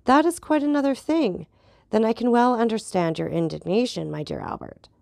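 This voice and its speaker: Lady reading a calm ironic journalist guy, slow measured replies, dry close sound. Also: fairly high pitch, vocal fry, dry recording, pitched above the performer's own voice.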